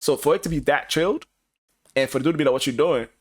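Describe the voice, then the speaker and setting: A man co-hosting a podcast, chatting casually and acting out quotes in animated bursts. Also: a little high, rapid-fire, slightly rough. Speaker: podcast co-host.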